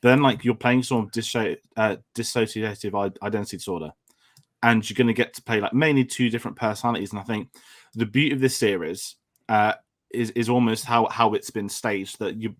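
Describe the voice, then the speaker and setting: A man with an English accent, hosting a casual film discussion and rambling through his points with many restarts. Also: fairly low pitch. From England. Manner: rambling, with frequent restarts and fillers.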